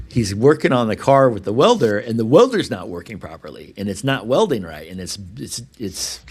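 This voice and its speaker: A man with a deep, low-pitched voice co-hosts a podcast, telling a story in loose, casual talk. He rambles, restarts his sentences and acts out what other people said, dropping the odd swear word along the way. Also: normal speed, husky. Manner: rambling, animated retelling with restarts and acted-out quotes. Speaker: podcast co-host.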